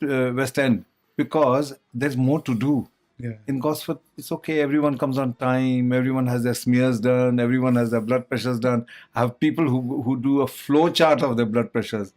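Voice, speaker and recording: A man's voice: mid-range voice, a little mellow. A man hosting a conversation, chatting casually and rambling between points. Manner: chatty, rambling, frequent uh fillers. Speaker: host. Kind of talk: casual chat.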